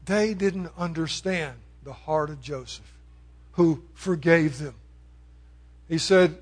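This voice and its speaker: A man with a high-pitched voice preaches a sermon with dynamic delivery. He rises to loud, ringing proclamations, then drops to hushed, pleading appeals. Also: takes it slowly, long pauses.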